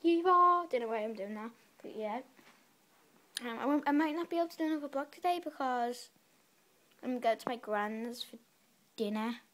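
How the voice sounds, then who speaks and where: A woman's voice: fairly high pitch, normal speed, long pauses. A young woman chatting casually in a home vlog, rambling and correcting herself as she goes. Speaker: vlogger. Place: bedroom.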